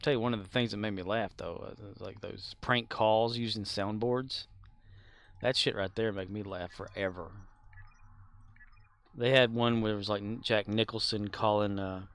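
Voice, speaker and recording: A man's voice: fairly low pitch, steady tone, moderate pace, creaky, fairly bright tone, smooth. A man streaming a game, chatting casually and rambling on, laughing often as he talks. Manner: rambling, talkative; laughs often while talking. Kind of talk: casual chat while gaming.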